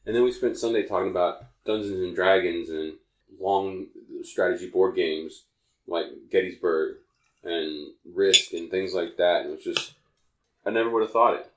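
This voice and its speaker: A man with a notably low voice talks casually on a podcast, drifting through a story and backing up to restart his sentences as he goes. The room around him is echoey. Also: normal speed, a bit bright. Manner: rambling, self-correcting storyteller. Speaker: podcast co-host.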